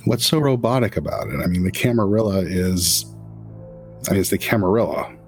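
A man's voice: low-pitched, animated, a little fast, soft background music. A man voicing a tired, loyal male vampire ritualist who speaks earnestly and defensively. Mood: dutiful.

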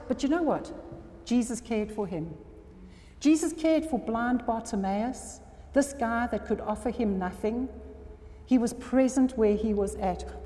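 Mellow-voiced woman preaching in a hall. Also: on the high side. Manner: earnest, checks in with the audience often. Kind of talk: sermon. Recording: long reverb of a hall.

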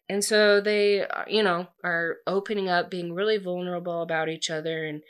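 Chatty woman with a slightly low voice, casual plot recap, loose and conversational. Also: flat delivery, moderate pace, few pauses, smooth. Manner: chatty, heavy use of "like", acts out quoted lines.

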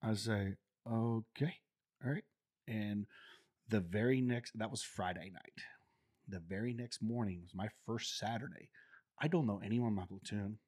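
A man's voice: on the low side, normal speed, husky. A middle-aged man, a former Marine, casually telling stories and acting out the voices of people in them. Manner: animated, acts out quoted voices, laughs often. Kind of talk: casual storytelling.

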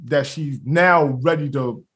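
Young guy on a podcast, high voice, acts out everybody in his stories, cusses a lot. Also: slow. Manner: animated storyteller, acts out quotes, laughs, swears freely. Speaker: podcast co-host. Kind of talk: casual podcast chat, storytelling.

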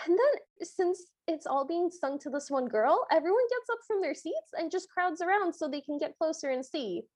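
A woman co-host with a very high voice that swings up and down a lot as she retells a film. She sounds chatty and amused. The recording is close and dry. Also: animated, moderate pace, few pauses, a little mellow, no echo. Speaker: podcast co-host. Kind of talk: casual chat recapping a film.

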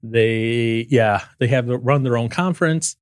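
A man's voice: mid-range voice, unhurried, clear, resonant tone, dry recording, studio quality. A man hosting a casual podcast chat, rambling and joking with his co-hosts. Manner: rambling, jokey. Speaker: podcast host.

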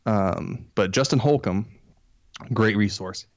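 Male podcast host, lowish voice, dry close sound, conversational and quick to laugh. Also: dry recording, highs cut off. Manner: conversational, reads passages aloud and comments, laughs easily. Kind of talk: casual podcast discussion.

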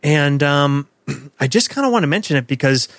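A man's voice: on the high side, expressive, moderate pace, a bit bright, no room sound, studio quality. A man co-hosting a podcast in casual chat, joking and laughing easily, with some hesitations. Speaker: podcast co-host.

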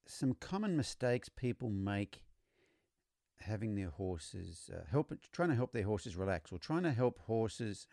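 A man hosting a podcast, explaining horse training in a relaxed storytelling way, often repeating words as he restarts. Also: on the low side, no room sound, clean studio sound. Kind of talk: conversational teaching monologue.

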